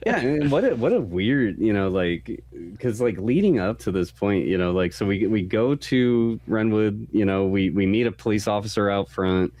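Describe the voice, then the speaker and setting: A man with a low voice, co-hosting a casual game podcast. He rambles through his points with lots of fillers and swearing. His delivery is loose and unhurried. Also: animated, a little mellow. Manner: rambling, profane, filler-heavy. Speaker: podcast co-host.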